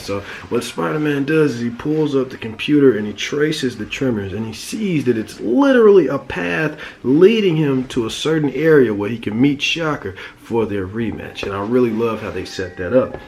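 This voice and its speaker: A man's voice: medium pitch, slight background noise. A man casually recapping a cartoon episode as a reviewer, rambling in profane slang. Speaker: show reviewer.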